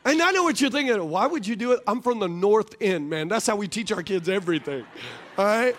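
High-voiced man preaching a joking sermon. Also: expressive, fairly quick, fairly bright tone. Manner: joking, laughs often. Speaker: pastor. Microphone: wireless stage mic.

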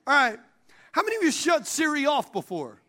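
High-voiced pastor preaching a lively sermon. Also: male voice, a little fast. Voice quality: high voice for a man. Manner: preaching with call-and-response and jokes. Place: church sanctuary.

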